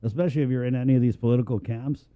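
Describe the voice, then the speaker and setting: A man co-hosts a morning radio show in loose, joking banter. He rambles as he talks, in a voice of middling pitch. The sound is thin and tinny, like a phone line. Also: steady tone, rapid-fire.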